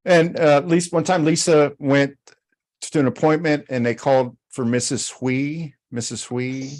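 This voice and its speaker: A man's voice: a little high, fairly even intonation, moderate pace, darkish tone. A man hosting a casual podcast chat, easygoing and rambling as he tells a story. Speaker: podcast host.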